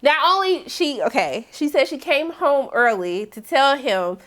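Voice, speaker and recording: A woman giving a chatty, animated recap of a TV episode, with big swings in her voice and playful asides. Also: high-pitched, unhurried. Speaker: TV recap host. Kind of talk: casual TV recap commentary.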